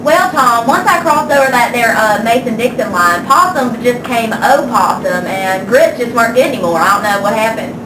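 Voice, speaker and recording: A woman's voice: a little high, moderate pace, few pauses, lightly acted. A woman doing a smug, pompous male TV pundit. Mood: deadpan. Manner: deadpan mock-pompous, rambling. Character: smug male conservative TV pundit, middle-aged. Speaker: student playing an interview guest. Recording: echoey room from far off, noisy.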